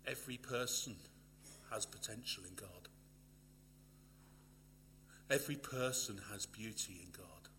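A man preaching a sermon, swinging from loud emphatic lines to hushed near-whispers and repeating phrases for emphasis. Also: fairly low pitch, a little slow, long pauses, a little hiss or hum.

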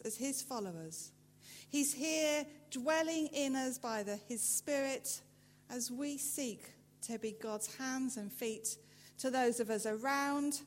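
A woman preacher giving a sermon in a church, telling a story with measured delivery and emphatic rises. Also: a little high. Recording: reverberant church hall with faint hum.

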